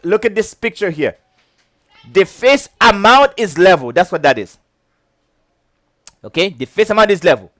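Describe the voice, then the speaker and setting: High-voiced chatty male instructor. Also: fairly bright tone, dry recording. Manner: chatty, keeps checking "okay?", breaks into giggles. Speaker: insurance licensing instructor. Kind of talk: casual whiteboard lecture.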